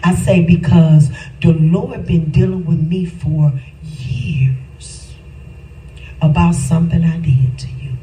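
A middle-aged woman preaching a personal testimony, slow and emphatic, rising at times to shouts. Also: lowish voice, steady tone, slight background noise. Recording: roomy, distant mic, faint ambience.

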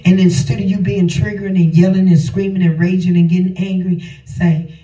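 A man's voice: high-pitched, flat delivery, moderate pace, warm tone, recorded from a distance. A man preaching a sermon, repeating his lines for emphasis and calling out to the congregation. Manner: call-and-response preaching, repeats phrases for emphasis. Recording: echoey room, voice from off-mic.

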